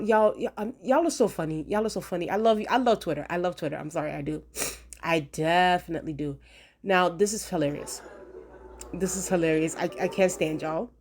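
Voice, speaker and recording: A woman's voice: fairly low pitch, darkish tone. A woman chatting casually as she reviews a TV episode, slangy and repeating lines for emphasis. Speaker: TV show reviewer.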